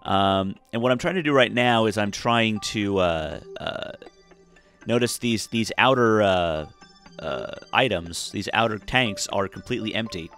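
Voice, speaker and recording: A man's voice: on the low side, a little slow, a bit bright, faint music behind. A tired man casually talking through a space game, rambling with lots of fillers and restarts. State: tired, yawning. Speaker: gameplay commentator. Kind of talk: casual let's-play commentary.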